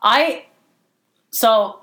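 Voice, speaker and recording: A woman's voice: on the high side, extremely slow, bright, forceful tone. A young adult woman co-hosting a casual podcast chat, blunt and profane, telling stories with acted-out quotes. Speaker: podcast co-host. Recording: roomy echo.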